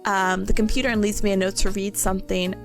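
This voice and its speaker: A woman's voice: mid-range voice, little pitch movement, fast, over music. A young woman from New York chatting casually on a stream, telling a story in a rambling, giggly way.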